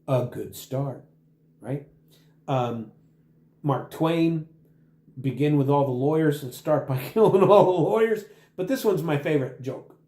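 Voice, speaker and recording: A man's voice: a little high, animated, a little slow, long pauses, dark tone, echoey room. A man hosting a podcast, talking in a combative, sarcastic monologue. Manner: combative, sarcastic, addresses opponents directly. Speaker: podcast host. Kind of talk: talk show monologue.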